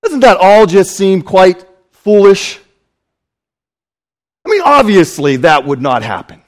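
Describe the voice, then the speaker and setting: Guy pastor preaching, kinda high voice, acts stuff out as he tells it. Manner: animated storytelling, acting out scenes. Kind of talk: sermon.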